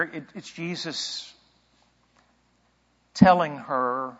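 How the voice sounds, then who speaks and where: A pastor preaching a sermon in a conversational way, asking rhetorical questions and thinking aloud. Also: male voice, fairly high pitch, slow, long pauses, big-room sound, lo-fi sound.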